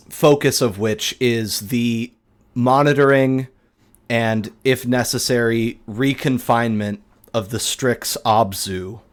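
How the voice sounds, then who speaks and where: A man voicing a courteous older male vampire saint, gracious and formal in a measured way. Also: medium pitch, close to an everyday voice.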